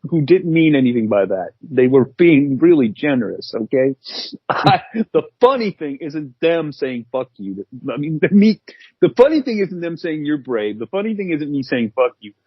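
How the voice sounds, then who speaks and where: Husky, self-mocking male storyteller. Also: fairly high pitch, expressive, moderate pace, no echo, muffled recording. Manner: self-deprecating, laughing storyteller. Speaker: guest writer and editor. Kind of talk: casual storytelling chat.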